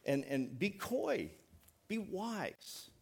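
A middle-aged man preaching a sermon as pastor, folksy and joking, leaning on words by slowing down. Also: sits high, big pitch swings, creaky, darkish tone, husky. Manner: folksy, joking, emphatic preaching with slowed stresses.

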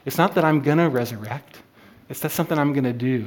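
Man in a mid-range voice leading a casual Bible study, halting, full of fillers and restarts. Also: medium pitch. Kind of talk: informal Bible teaching.

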